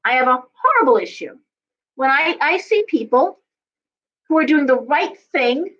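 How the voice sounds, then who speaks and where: A middle-aged woman with a fairly high voice reads tarot on a live stream. She talks bluntly and with heat, swears without a second thought and answers her viewers' comments. The audio comes through dull and lo-fi. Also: animated, normal speed, a bit bright. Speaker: tarot reader and astrologer. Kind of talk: live-stream tarot reading, casual chat.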